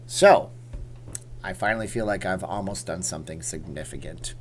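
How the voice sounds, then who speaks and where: A man's voice: deep voice, moderate pace, a little hiss or hum. A man hosting a casual livestream from home, rambling and reading viewer comments aloud. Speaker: livestream host.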